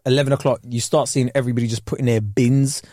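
A man's voice: mid-range voice, fairly even intonation, warm tone, no room sound, studio quality. A man co-hosting a podcast in casual chat, teasing and pushing with questions. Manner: teasing, quick to laugh, pushes questions. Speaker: podcast co-host.

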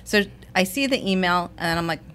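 A woman co-hosting a podcast in casual chat, reacting quickly and telling her side of a story. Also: on the low side, expressive, fairly bright tone, a little hiss or hum. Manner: reactive, fills in with quick agreement. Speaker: podcast co-host.

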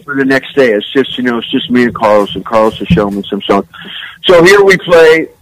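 An older man from San Francisco, a musician guest, telling rambling, animated stories full of "man" and "you know.". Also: medium pitch, brisk, poor audio. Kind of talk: casual storytelling interview.

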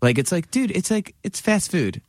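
A band member telling a story casually, laughing and saying "like" often. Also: male voice, sits high, sing-song, moderate pace, a little mellow, no echo, clean studio sound. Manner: laughing, rambling with many likes. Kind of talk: casual chat.

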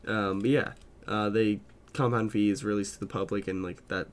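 A man's voice: lowish voice, fairly even intonation, normal speed. A man co-hosting a podcast in casual chat, rambling with many fillers and swears. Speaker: podcast co-host.

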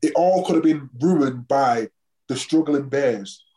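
A man's voice: medium pitch, slow, dark tone. A man, a former football player and podcast guest, telling a story in casual chat and acting out the exchanges he quotes.

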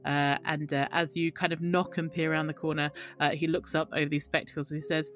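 A woman narrating a tabletop role-playing game as game master, in a relaxed way with many pauses. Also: low voice, faint music behind. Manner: relaxed, filler-heavy narration.

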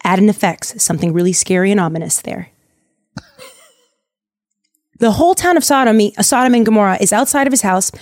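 A woman's voice: medium pitch, brisk, pauses often, darkish tone, no echo, clean studio sound. A woman podcast host casually retelling a Bible story in a chatty, jokey way.

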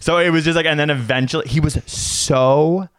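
A man's voice: fairly high pitch, normal speed, smooth, no room sound, studio quality. A young man co-hosting a podcast in casual chat, joking and teasing, telling stories with lots of energy. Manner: joking, teasing, animated storytelling. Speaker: podcast co-host.

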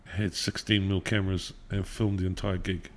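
A middle-aged musician from New Zealand guests on a casual interview podcast, telling stories, swearing freely and laughing often. His deep voice stays level at a normal speed.

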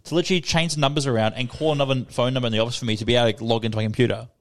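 A man's voice: mid-range voice, very fast. A young adult man with an Australian accent, co-hosting a casual podcast chat, telling stories and swearing freely. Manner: swearing, storytelling, animated retelling. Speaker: podcast co-host.

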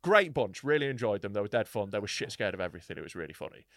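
A man's voice: fairly low pitch, very animated, racing, a bit bright, no room sound, clean studio sound. A young man telling a story in casual podcast chat. He swears freely and acts out the people he describes. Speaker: podcast co-host.

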